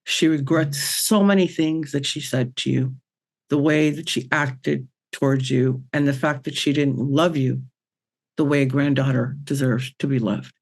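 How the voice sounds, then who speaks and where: A woman's voice: a bass voice, steady tone, unhurried. A woman who works as a spiritual medium, telling a personal story as a guest in an interview in a chatty, earnest way with many fillers and restarts.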